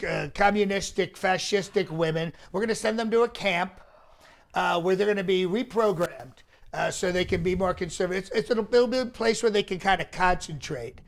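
A comedian playing a boastful, blustering former president, rambling and trading insults in a live comedy stream. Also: male voice, high voice, a little fast, gravelly.

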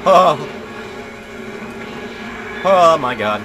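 A man with a high voice narrates a video game as he plays, and his pitch leaps all over the place. He talks slowly and drawn out, crying out and laughing at what happens on screen. A steady noisy hiss sits under the recording. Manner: exclamatory, swings between dismay and giddy laughter. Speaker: let's play host. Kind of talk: live gaming commentary.

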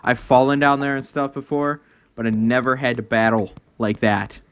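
A young man commentating his own game play at home, excitable, breaking into shouts and laughs at his wins. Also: medium pitch, normal speed, clear, resonant tone. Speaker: gaming video host. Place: home room.

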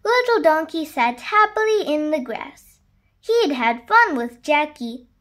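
A woman with a high voice reads a children's picture book aloud as a channel host. She takes her time, with a slow and gentle read-aloud pace. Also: very animated. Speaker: storybook reader.

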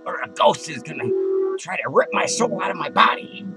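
A man playing a cranky, foul-mouthed male clown who rambles and rants in a comedic character monologue, with loud music playing behind him. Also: sits high, lively intonation, fairly quick, rough recording. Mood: ranting. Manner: profane, rambling ranting.

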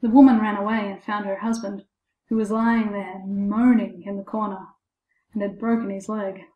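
A woman narrating a fairy tale in a measured, expressive storybook reading. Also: mid-range voice, highs cut off. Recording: echoey room.

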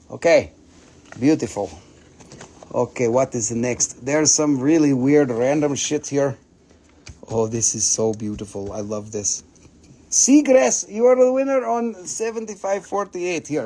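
A man hosts a live stream sale in a joking, excitable way, swearing freely and laughing often. His voice sits high with a gravelly fry. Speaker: host selling minerals. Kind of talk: live stream sales chat.

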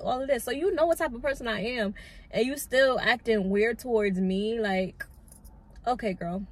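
A young adult woman and lash artist telling a storytime with a calm, chatty delivery full of "like". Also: fairly high pitch, brisk. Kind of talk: casual storytime.

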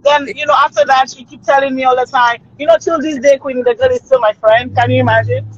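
A woman's voice: high voice, fairly even intonation, fast, husky. A middle-aged woman, telling a story in a casual chat and often checking in with her listener. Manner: chatty, keeps checking in with the listener. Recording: slightly muffled recording.

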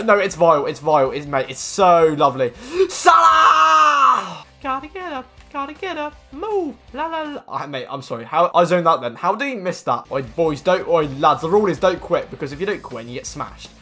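A young man commentates on his own football game match, his voice sitting fairly high and leaping all over the place. He drops to low muttered complaints, then bursts into shouting and cheering when a play comes off. Faint music plays underneath. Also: brisk, hardly any pauses, husky. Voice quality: expressive, with slang and swearing. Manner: swings from mumbled grumbling to screaming at the game. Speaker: gaming commentator.

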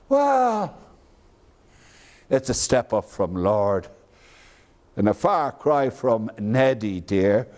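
A man's voice: on the low side, a little mellow. An actor with an Irish accent playing an aging, proud statesman in a theatrical one-man stage monologue, wry and grand, savoring each phrase.

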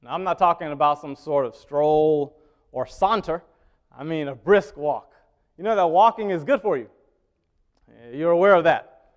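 A man with a voice on the high side delivers a conversational sermon at normal speed, leaving long pauses. He regularly asks his congregation questions, moving between loud stresses and quiet asides.

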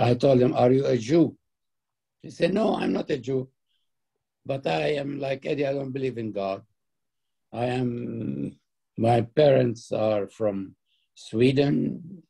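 Man, gravelly, husky, anecdotal interview storytelling. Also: mid-range voice, dark tone. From Palestine. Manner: anecdotal, laughs while telling, acts out quoted dialogue.

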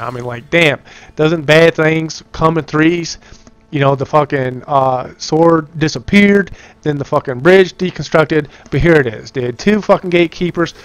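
Profane excitable young man on game commentary. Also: a little high, clean tone, no room sound. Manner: profane, excitable, swings from calm to yelling. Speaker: gamer doing video commentary.

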